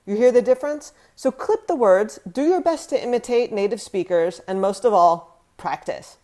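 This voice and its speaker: American woman vlogger, clear emphatic teaching voice, sounds out french words. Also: mid-range voice, expressive, moderate pace, warm tone. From United States. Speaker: language vlogger. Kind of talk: scripted teaching vlog.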